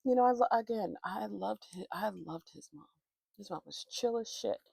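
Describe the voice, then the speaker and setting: A woman's voice: mid-range voice, moderate pace, creaky, a little mellow, husky, no echo, clean studio sound. A woman vlogger chatting casually, telling a rambling, profane, candid story with many restarts.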